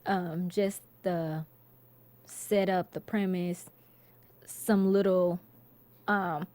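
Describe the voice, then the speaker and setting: A woman's voice: fairly low pitch, steady tone, extremely slow, darkish tone, no echo. A woman comedian, chatting casually in an interview and laughing often. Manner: laid-back, laughs often, storytelling. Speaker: comedian guest.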